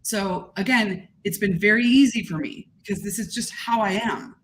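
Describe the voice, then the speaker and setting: A gregarious, expressive woman talking casually as a podcast guest. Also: medium pitch, moderate pace. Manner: gregarious, animated, expressive talker. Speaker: guest content creator.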